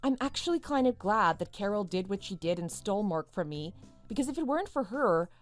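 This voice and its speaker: A content young woman voiced by a woman telling her story in an upbeat, lively voice with a wide pitch swing. She sounds relieved. Faint music plays beneath her. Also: a little fast, lightly acted. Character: content young woman moving on after a breakup. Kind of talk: first-person story narration.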